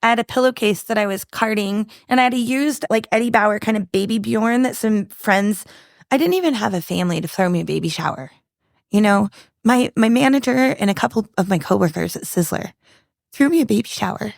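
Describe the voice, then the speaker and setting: A woman speaks into a close podcast mic, recounting her past with candid earnestness. Her voice carries a light gravelly edge, and the sound is dry and close. She stops and restarts often as she searches for the right words. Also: mid-range voice, expressive, dry recording. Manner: earnest, halting, many restarts and fillers. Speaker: podcast guest. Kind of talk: candid personal storytelling.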